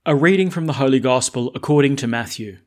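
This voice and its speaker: A man priest reading the gospel aloud and then preaching in a conversational, lively way. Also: medium pitch, fast.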